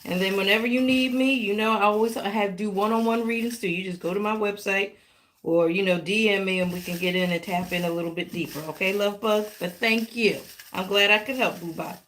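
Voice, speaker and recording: A woman hosting a live tarot reading, talking warmly and directly to her viewers with pet names and playful exclamations. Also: mid-range voice, fairly quick. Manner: affectionate, animated, talks directly to viewers. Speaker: tarot reader.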